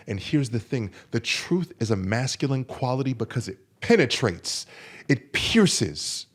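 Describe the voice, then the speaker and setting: A man's voice: medium pitch, sing-song, measured pace, breathy edge. A man hosting a podcast, coaching other men in an emphatic, repetitive monologue. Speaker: men's coach and podcast host.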